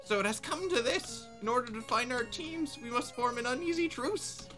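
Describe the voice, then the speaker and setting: A pompous know-it-all bird boy from a video game, grandiose and theatrical, pitched well above a normal speaking voice, as a woman streamer puts him on. He talks in lofty, dramatic proclamations. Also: expressive, moderate pace, a bit bright, faint music behind.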